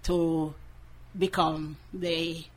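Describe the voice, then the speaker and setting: A woman speaking as a guest in a radio studio interview, earnest and measured. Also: low-pitched, flat delivery, a little hiss or hum.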